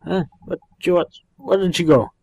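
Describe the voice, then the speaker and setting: A man's voice: sits high, measured pace, a little mellow, dry recording, voice pushed up. A man reading the lines of a polite, earnest young boy hero. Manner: earnest, questioning.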